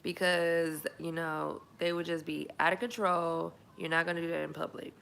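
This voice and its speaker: A woman's voice: on the low side, level tone, normal speed, gravelly, a bit bright, slight background noise. A young woman, chatting candidly and emphatically to camera as a single mom. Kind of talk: casual chat to camera.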